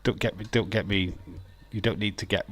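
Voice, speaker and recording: A man's voice: fairly low pitch, steady tone, brisk. A man chatting casually on a live watch-along stream, rambling and joking as he reads out chat messages.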